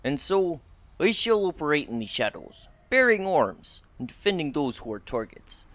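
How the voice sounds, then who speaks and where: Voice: medium pitch, big pitch swings, normal speed, fairly bright tone. Man doing an accented grandiose adventurer, Major Tom. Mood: solemn farewell. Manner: solemn, theatrical speech-making. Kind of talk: tabletop role-play.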